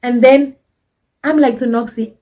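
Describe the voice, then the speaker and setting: Animated South African woman telling stories. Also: on the high side, measured pace, noisy background. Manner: animated, dramatic, cheeky storytelling. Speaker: vlogger. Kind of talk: casual storytime.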